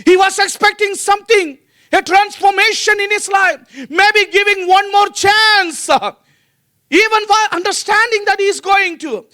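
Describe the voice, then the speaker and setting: A man's voice: extremely high pitch, normal speed, sharp tone. A male pastor preaching a sermon earnestly, with frequent fillers and restarts.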